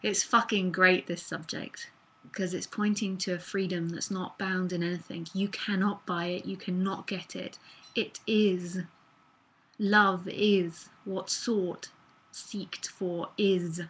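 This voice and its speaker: A woman's voice: fairly low pitch, flat delivery, slow pace, slightly rough, rough recording. A woman speaking as a spiritual teacher in a live online talk, earnest and casual, with fillers and the odd swear word, into a computer mic.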